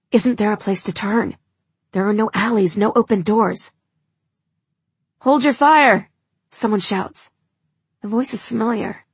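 A woman's voice: mid-range voice, creaky, slightly rough, no room sound. A woman doing tense, breathless first-person audiobook narration.

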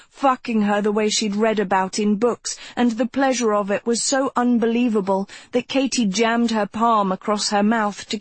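A woman narrating a novel as an audiobook, in even, measured storytelling. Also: mid-range voice, dry recording.

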